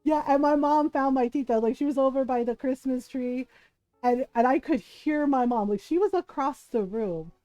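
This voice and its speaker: A woman with a high voice tells a story to her stream chat, lively, full of laughs and acted-out bits. Her voice sits close and dry, with faint music playing underneath. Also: normal speed, dry recording. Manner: animated, laughs often, acts out quotes. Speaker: live streamer.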